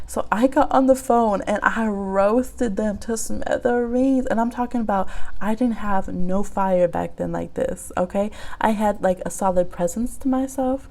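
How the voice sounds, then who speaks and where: A woman hosts a live reading stream from her phone, talking in a loose, chatty way. Her voice sits in a middle range, and she laughs often. When she gets into a story her pitch shoots up high. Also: darkish tone. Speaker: tarot reader hosting a live stream. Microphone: phone app live stream.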